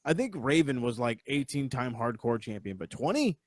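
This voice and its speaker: A man's voice: medium pitch, sing-song, moderate pace, no echo, clean studio sound. A man hosting a podcast, giving a casual, rambling, profane review of a wrestling event on a live stream. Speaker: podcast host.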